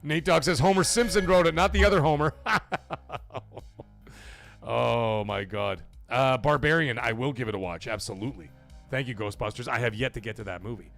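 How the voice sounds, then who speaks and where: A man from Canada hosts a casual livestream at a middling pitch and reads chat messages aloud. He rambles and swears freely, his energy swinging between high and low. Faint music plays underneath. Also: moderate pace, creaky, fairly bright tone. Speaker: livestream podcast host.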